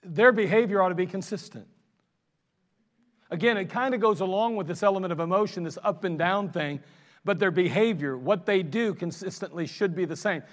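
A man with a high voice preaches in an animated, chatty way, mocking himself now and then. His pastor's sermon carries a long hall reverb, as if recorded in a church sanctuary. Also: brisk. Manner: animated, conversational preaching with self-mocking asides.

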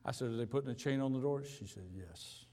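Male preacher telling a story, voices jump up high for the dialogue, big echoey church hall. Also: fast talker. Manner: animated storyteller, acting out dialogue with big pitch jumps. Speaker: pastor. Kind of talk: storytelling sermon. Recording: hall reverb.

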